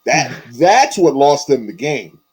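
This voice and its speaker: A man co-hosts a casual sports podcast, talking things through in a measured way and often repeating his phrases. His voice sits at a middle pitch, with lively rises and falls. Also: breathy edge, rough recording. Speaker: podcast co-host.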